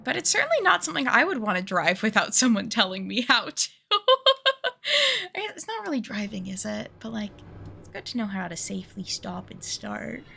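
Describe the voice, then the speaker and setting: A woman streamer talks casually as she plays, chatty and self-mocking and quick to laugh. Her voice is bright and forward, with a gravelly fry running through it. A faint hiss sits under her home setup. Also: medium pitch, very animated. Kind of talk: casual live-stream chat while gaming.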